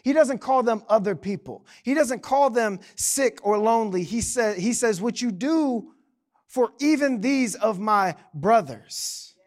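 High-voiced animated male preacher. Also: measured pace. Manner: animated, joking asides to the congregation. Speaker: pastor. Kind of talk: sermon.

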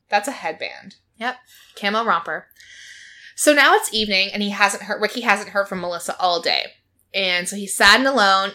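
Chatting casually with a friend, this woman co-hosts a podcast and retells a reality show with plenty of energy, laughing a lot and quoting the people on it. Her pitch is medium and her tone sharp.

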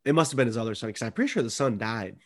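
A man's voice: medium pitch, lively intonation, rapid-fire. Profane, joking casual man. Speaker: podcast co-host. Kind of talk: casual sports chat.

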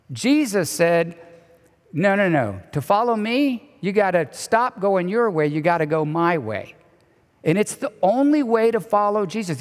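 Animated high-voiced preacher in a reverberant hall. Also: male voice. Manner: animated preaching, drops to soft hushed tones. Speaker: pastor. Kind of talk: sermon. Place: church sanctuary. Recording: long reverb of a large hall.

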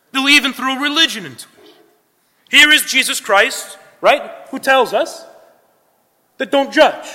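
A man preaches with a high, sharply bright voice that rings through a long hall reverb. He talks earnestly, circling back to his points and tossing in quick checks with the listeners. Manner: earnest, repeats points, tag questions. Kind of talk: sermon.

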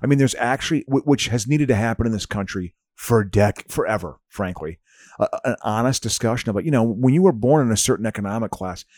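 A man in casual podcast chat, giving opinions in an agreeable, animated way. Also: on the low side, quick pace, no echo, clean studio sound.

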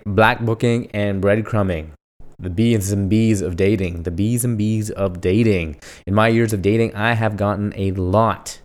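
Casual male podcast host, low-pitched and smooth, jokey, answers his own questions. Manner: asks himself questions and answers them, jokey and animated. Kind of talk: casual solo podcast monologue.

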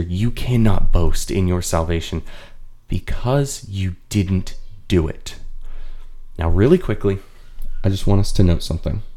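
A man's voice: low-pitched, dark tone. A man hosting a podcast, teaching a Bible study in an earnest, explanatory way and repeating his points for emphasis. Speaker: host.

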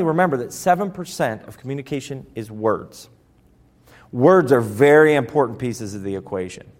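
A man giving a motivational talk on personal development, emphatic and varying his delivery for effect. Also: medium pitch. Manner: emphatic, rising and falling for effect.

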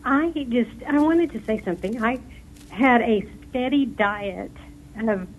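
A woman from Texas calling into a radio show, hesitant and halting, losing her voice. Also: on the high side, lively intonation, muffled recording. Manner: hesitant, halting, many fillers. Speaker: caller.

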